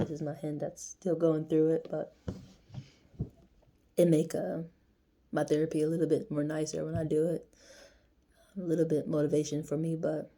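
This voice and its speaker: A woman's voice: deep voice, dark tone. A young woman telling a personal story in a rambling, casual vlog style, dropping slang like "yo" as she goes. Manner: rambling, conversational, slangy with frequent "yo". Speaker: vlogger.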